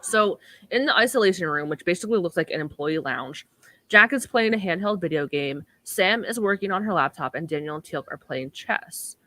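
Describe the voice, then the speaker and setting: A woman co-hosting a podcast recaps a TV episode in a chatty way, packing her talk with fillers. Her fairly low voice is expressive, bright and forceful at a moderate pace, and the recording is dry.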